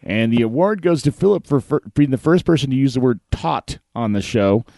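A man's voice: mid-range voice, expressive, a little fast, gravelly, a little mellow, no room sound, clean studio sound. A man hosting a radio show, bantering casually with callers, joking and laughing often.

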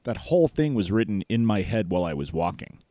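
Podcast host guy, talks quick, kinda low voice, jokey. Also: sing-song, warm tone, dry recording. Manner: joking, rapid, enthusiastic. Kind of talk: casual chat.

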